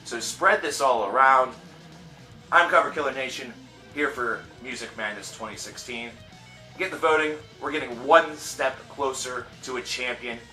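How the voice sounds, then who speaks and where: A man hosting his own video channel, talking in an upbeat, chatty way with quick asides. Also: medium pitch, sharp tone. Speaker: channel host. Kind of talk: casual vlog presentation. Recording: echoey room with faint music.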